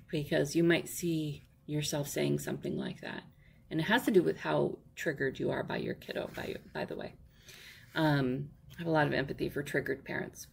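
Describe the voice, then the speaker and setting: A woman's voice: low-pitched, gravelly, slightly rough. A woman walking through a parenting workbook in a casual teaching manner, often checking in with "okay?" and correcting herself as she goes.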